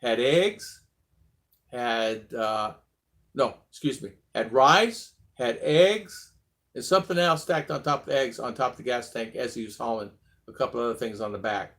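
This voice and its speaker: A man from abroad who lives in the Philippines hosts a casual live stream in a medium-pitched, slightly bright voice at normal speed. He chats loosely, reads viewer comments aloud, and often laughs as he rambles.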